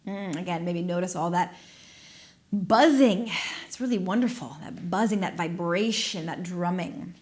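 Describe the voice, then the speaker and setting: Gentle, playful woman guiding exercise. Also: on the low side, unhurried. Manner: gentle, playful, encouraging, with soft laughs. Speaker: movement instructor. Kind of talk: guided exercise class. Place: studio. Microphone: dedicated microphone.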